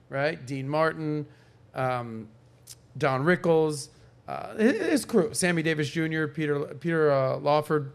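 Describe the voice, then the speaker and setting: A man's voice: a little high, gravelly. A man hosting a podcast in casual chat, telling stories and acting out the people he quotes. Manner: animated storyteller who acts out quoted voices. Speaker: podcast host.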